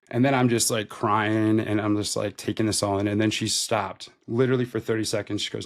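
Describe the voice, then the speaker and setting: A man in his thirties with a low voice and a gravelly, creaky edge. He talks as a guest on a podcast, telling his own story in a loose, rambling way and leaning on "like" as he goes. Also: little pitch movement, a little fast, hardly any pauses. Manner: loose and conversational, heavy use of "like". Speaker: podcast guest, retail store manager. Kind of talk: casual interview storytelling.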